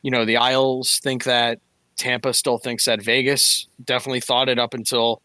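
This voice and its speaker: A man's voice: medium pitch, level tone, moderate pace, sharp tone, dry recording. A man co-hosting a podcast, talking hockey in a casual, analytical way with frequent fillers. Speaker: podcast co-host. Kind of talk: casual sports chat.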